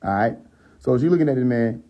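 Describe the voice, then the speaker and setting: Brisk and expressive, this mid-range male voice comes through a phone mic with the highs cut off. Live streaming, he recounts a scripture story in profane street slang, voicing the characters, chuckling at his own jokes, and talking to his viewers.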